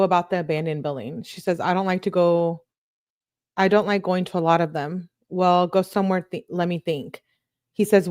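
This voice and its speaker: A true crime commentator, a woman with a fairly low, slightly mellow voice, casually reads text messages aloud. She keeps breaking off for asides and disgusted reactions.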